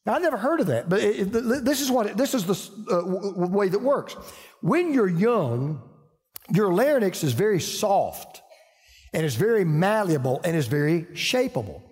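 An older pastor with a Southern accent preaches at a normal pace in a high, husky, animated voice. His folksy sermon is full of stories and restarted sentences, and a big hall gives it long reverb.

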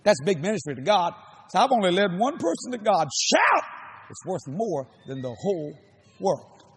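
A middle-aged man preaching a sermon, telling a story with shouts, laughter and acted-out voices. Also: high voice, big pitch swings, moderate pace, husky.

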